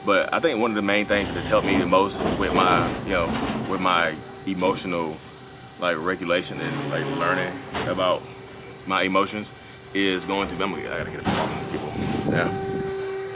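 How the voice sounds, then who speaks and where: A low, sing-song male voice at a moderate pace. He's vlogging casually outdoors at a beach, traffic audible nearby, working through his feelings about his own narcissism in a rambling, repetitive, unscripted monologue, often asking "you know what I mean".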